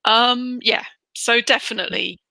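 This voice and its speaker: A woman's voice: a little high, unhurried, gravelly, pushed and bright, no echo. A middle-aged woman from the United Kingdom, chatting as an interview guest about moving home, and she acts out the voices she quotes. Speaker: interview guest, relocation trainer. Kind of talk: casual interview chat.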